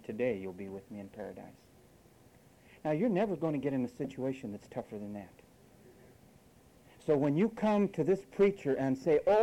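A man's voice: medium pitch, dark tone, rough recording. A man preaching a sermon, scolding and sarcastic, acting out quoted voices as he goes.

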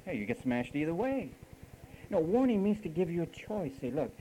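A man preaching a sermon in an emphatic, teasing way, dropping to hushed asides between louder points. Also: on the high side, very animated, normal speed, a little hiss or hum, rough recording.

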